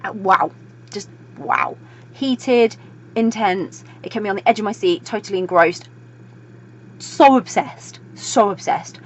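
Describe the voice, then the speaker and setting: Gushing fast-talking woman. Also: medium pitch, a little hiss or hum. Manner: gushing, breathless, fast-talking with many fillers. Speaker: book reviewer. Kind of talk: excited video book review. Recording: dull lo-fi recording.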